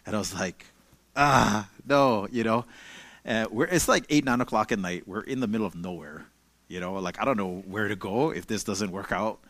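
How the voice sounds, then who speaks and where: A man's voice: fairly low pitch, brisk, no echo. A young man, a pastor giving a casual, conversational sermon and telling stories with plenty of "like" and "you know". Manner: relaxed storytelling with many fillers.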